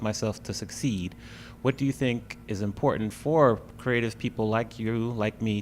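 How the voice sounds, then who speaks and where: A man hosting a podcast interview, encouraging and quick to offer short affirmations. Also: fairly low pitch, slight background noise. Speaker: podcast host. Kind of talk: casual interview.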